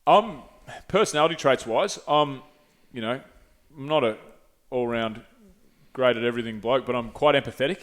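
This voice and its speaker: Male host, casual storyteller, swears a lot, mid pitch. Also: normal speed. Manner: swearing, drops to a low mutter for emphasis. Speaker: podcast host.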